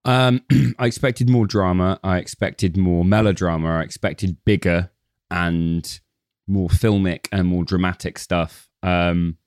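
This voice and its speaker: A man co-hosting a casual film-review podcast, talking in a halting, candid way with many restarts. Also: sits low, steady tone, darkish tone, dry recording, clean studio sound. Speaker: podcast co-host. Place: podcast recording.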